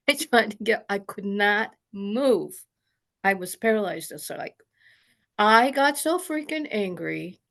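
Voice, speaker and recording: A woman's voice: medium pitch, lively intonation, takes it slowly, vocal fry, fairly bright tone. A woman sharing a personal story in an online group, earnest and rambling, with many restarts. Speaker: study group participant. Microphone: video call.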